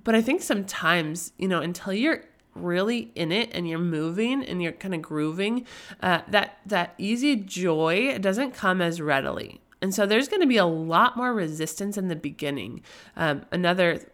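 A woman's voice: lowish voice, expressive, normal speed, fairly bright tone. A young woman hosting a casual faith-based podcast, chatty and rambling into tangents, her voice nasal and tired from a lingering cold. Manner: chatty, rambling into tangents, often asks "right?". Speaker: podcast host.

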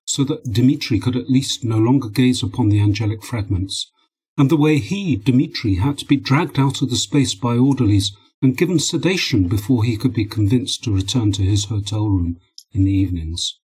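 A man narrating an audiobook in a steady, measured reading. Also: mid-range voice, husky, rough recording.

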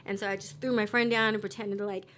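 A young adult woman, a podcast guest, telling a story in casual chat, animated and swearing freely as she acts out quotes. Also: mid-range voice, fast.

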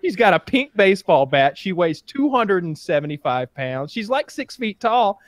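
A man chatting casually on a podcast, recounting TV episodes with animated, excited storytelling. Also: normal speed, no room sound. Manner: animated storytelling, rising in pitch when excited. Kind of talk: casual chat.

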